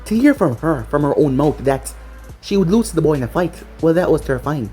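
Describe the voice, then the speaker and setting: A narrator reading a fan fiction story in a steady, dramatic manner. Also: medium pitch, brisk. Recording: faint music behind.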